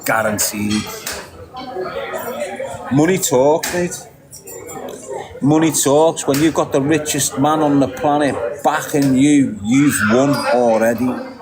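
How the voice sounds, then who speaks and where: A man from England with a Scouse accent, delivering a heated, sweary, opinionated rant that repeats its points forcefully. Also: medium pitch, takes it slowly, pauses often, low-quality recording. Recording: loud crowd behind the voice.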